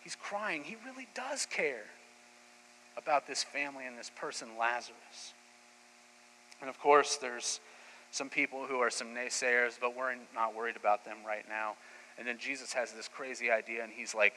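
Male pastor, sermon delivery, bright forceful tone, animated casual storytelling; echoey hall, faint hum. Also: medium pitch, moderate pace. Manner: lively storytelling retelling scripture in casual speech.

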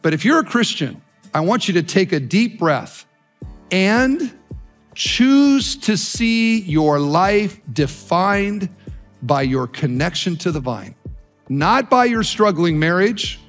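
High-voiced preacher urging his listeners. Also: measured pace, faint music behind. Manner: animated storytelling, urging listeners. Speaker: pastor. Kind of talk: sermon.

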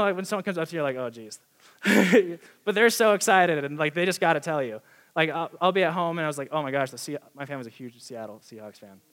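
A young man preaching a sermon in a casual, excited, conversational way, with many fillers. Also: fairly high pitch.

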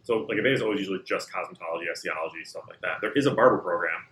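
A man's voice: low voice, racing, a bit bright. A man who works at a barbershop, telling a story in casual chat in a self-deprecating, profane way. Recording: roomy recording.

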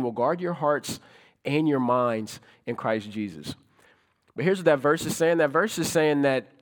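A male pastor preaches in a relaxed, conversational way with a fairly high voice. He leans on rhetorical questions and builds his points to emphatic peaks. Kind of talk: sermon.

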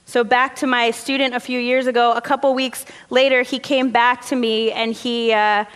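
Preaching in a relaxed, story-driven way with casual fillers, this woman pastor has a slightly high voice for a woman and a clear, resonant tone at a moderate pace. Her sermon echoes with the long reverb of the sanctuary.

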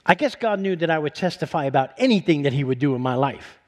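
A middle-aged male pastor preaching a sermon, telling a story with a voice that climbs when he gets excited. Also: quick pace. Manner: storytelling, voice rising high with excitement.

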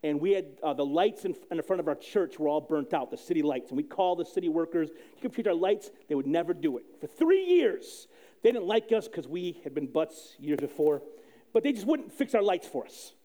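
High, lively-voiced male pastor preaching. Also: fairly quick. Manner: animated storytelling with sudden soft drops and loud quoted outbursts. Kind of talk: sermon.

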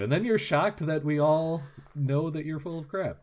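A man's voice: a little high, animated, normal speed, highs cut off. A man co-hosting a podcast in casual chat, rambling and wry, with many fillers. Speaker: podcast co-host.

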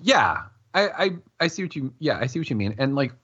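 Husky-voiced man on a podcast panel. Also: mid-range voice, brisk, highs cut off. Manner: animated, rambling, acts out his own reactions. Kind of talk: casual podcast chat.

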